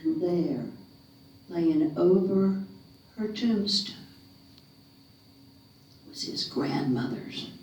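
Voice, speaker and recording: A woman from North Carolina telling a ghost story dramatically, slowing and dropping to a whisper for suspense, in a living room of a retirement community. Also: fairly low pitch, expressive, a little mellow. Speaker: folk storyteller. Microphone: room camera mic at a distance. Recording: echoey room, mic far off.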